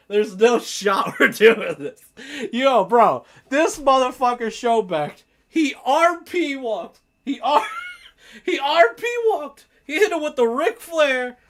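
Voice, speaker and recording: A young man livestreaming a game, talking casually and excitably, laughing a lot and swearing freely. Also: very high voice, slight background noise. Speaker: streamer. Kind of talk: casual live-stream reaction commentary.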